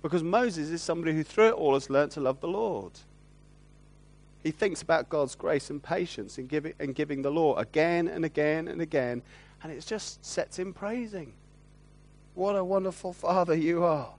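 A man preaching a sermon, earnest and gentle, often drawing his listeners in with tag questions. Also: a little high, animated, normal speed.

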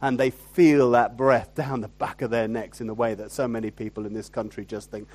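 A man preaching a sermon in a conversational way, often asking rhetorical tag questions and swinging from loud emphasis to quiet asides. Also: medium pitch, steady tone, fairly quick, hardly any pauses. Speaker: pastor.

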